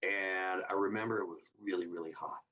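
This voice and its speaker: A man's voice: sits low, a little fast. A man in his fifties from Southern California, a guest on an interview telling stories and acting out the voices of the people in them. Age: 50s. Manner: animated storyteller who acts out quoted dialogue in a raised voice. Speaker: guest, hot rod builder. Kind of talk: casual interview storytelling. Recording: slightly distant, dull lo-fi sound.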